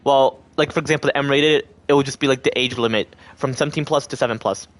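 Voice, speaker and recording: A man livestreaming talks fast in a steady, medium-pitched voice. He rambles casually to his chat in a loose, wandering way, acting out other people's lines as he goes.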